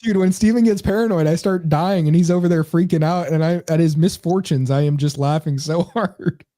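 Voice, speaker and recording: A man co-hosting a podcast, telling stories in an animated way and often breaking into laughter. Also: fairly high pitch, a little fast, no room sound, clean studio sound. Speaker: podcast co-host. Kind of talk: casual chat.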